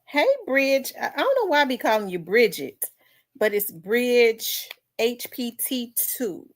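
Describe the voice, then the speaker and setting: Slow-talking chatty woman livestream host. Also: on the high side, animated. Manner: chatty, greets viewers by name. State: out of breath. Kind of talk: casual livestream chat.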